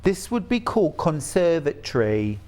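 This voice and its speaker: A man's voice: a little high, big pitch swings, normal speed, darkish tone. Chatty enthusiastic male shopping presenter. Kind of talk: live sales presentation.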